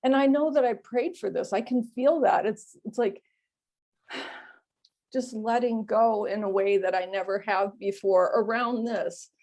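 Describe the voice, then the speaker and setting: A woman giving an emotional personal share at a recovery meeting over an online call. She is close to tears and speaks haltingly, with many pauses and fillers. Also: on the high side, darkish tone. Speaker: meeting member sharing.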